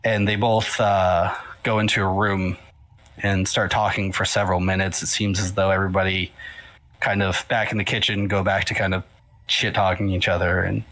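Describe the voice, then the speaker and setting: A man's voice: low-pitched, moderate pace, poor audio. A man narrating a tabletop role-playing game as game master, loose and full of fillers. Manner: relaxed, filler-heavy narration.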